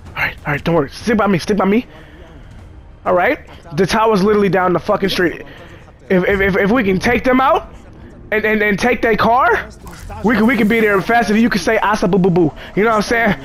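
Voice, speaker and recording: Guy playing a game and talking to the characters, jokey, swears a lot, pretty high voice. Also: a little fast, long pauses, fairly bright tone. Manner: joking, profane chatter to the game characters. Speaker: gamer. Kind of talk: casual gameplay commentary.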